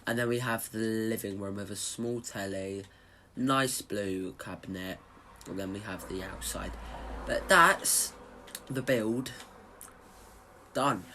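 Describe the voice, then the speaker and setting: A man's voice: lowish voice, slow pace, pauses often, bright, forceful tone, slight background noise. A man chatting casually to viewers as he shows off a house he built in a game, rambling with lots of fillers and restarts. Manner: chatty and informal, speaking straight to viewers. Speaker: gaming YouTuber showing a house build.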